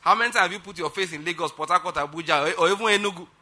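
A male pastor preaching a sermon, leading loud declarations for the congregation to repeat and dropping to quiet guidance for prayer. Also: high-pitched, very fast. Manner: drops to soft, quiet guidance during prayer.

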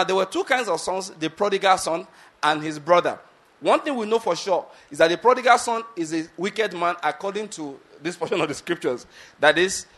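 A man's voice: sits high, a bit bright. A man preaching a sermon, retelling a scripture story and often asking his listeners whether they follow his point.

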